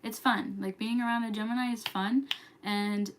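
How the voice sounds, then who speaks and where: A woman's voice: fairly high pitch, steady tone, normal speed. A young woman from New York hosting a casual late-night livestream, chatty and giggly, sometimes dropping to a whisper. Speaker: livestream host. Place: home at night.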